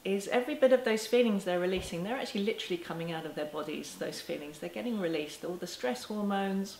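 A woman teaching parents to camera in a gentle, reassuring way, now and then with a soft laugh. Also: mid-range voice, quick pace, creaky, slight background noise. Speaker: parenting educator. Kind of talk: talking to camera. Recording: echoey room with faint ambience.

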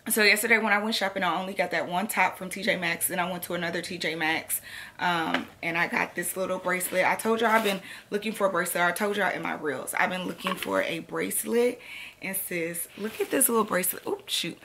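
A young woman, chatting to camera in a sassy, animated storytelling way. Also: on the low side, brisk, noisy background. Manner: animated, sassy storytelling, addresses viewers as sis and girl. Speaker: vlogger. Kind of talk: casual chat to camera.

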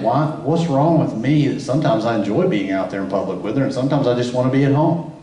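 A man's voice: mid-range voice, a little mellow, reverberant, recorded from a distance, poor audio. A man speaking at a marriage conference in a church setting, telling candid, self-deprecating stories about his own marriage. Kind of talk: church talk. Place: church hall.

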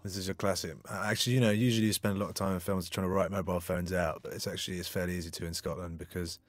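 A man's voice: deep voice, fairly even intonation, very fast, no echo. A man from the United Kingdom chatting in a film commentary, adding short remarks. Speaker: filmmaker.

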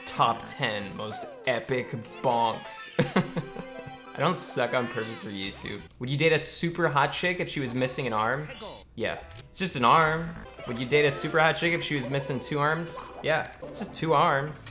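A man's voice: a little high, moderate pace, over music. A young man streaming a game live, chatting with viewers, joking and swearing when the game goes wrong. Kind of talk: live gameplay streaming chat.

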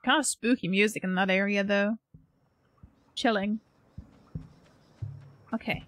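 A woman streaming a game, chatting gently and playfully to the characters on screen. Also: mid-range voice, a little slow. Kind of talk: casual gameplay commentary. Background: faint game music.

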